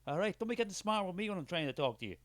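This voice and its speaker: A man's voice: high-pitched, sing-song, very fast, a bit bright, dry recording. An Irish man playing a suspicious, money-minded male skeptic who answers in a scornful, defensive and dismissive way in a comic character sketch.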